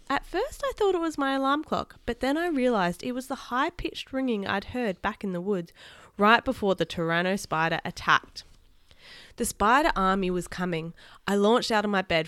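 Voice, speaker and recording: A woman reading a children's book aloud to live viewers, expressive and chatty between passages. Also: medium pitch, clear, resonant tone, no echo, clean studio sound. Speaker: storybook reader.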